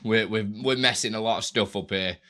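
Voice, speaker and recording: A man's voice: fairly low pitch, brisk, pushed and bright. A young man live-streaming, chatting casually with viewers while he tinkers with his setup, often tripping over and repeating his words.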